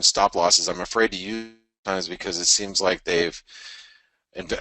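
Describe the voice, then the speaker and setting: A man hosting a trading webinar, reading out listener messages in a casual, halting way with fillers and chuckles. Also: sits low, creaky, sharp tone, no room sound, rough recording.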